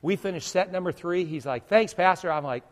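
Animated preacher man in a reverberant hall. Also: fairly high pitch, a little fast, a little hiss or hum. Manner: animated, swinging from loud exclamations to quiet asides. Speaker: pastor. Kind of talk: storytelling sermon.

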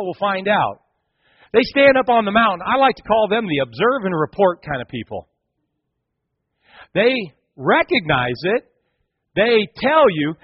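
A man's voice: high-pitched, husky, no room sound, muffled recording. A man preaching a sermon to his congregation, full of rhetorical questions and acted-out voices. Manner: animated preaching, acts out characters, rhetorical questions. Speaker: pastor.

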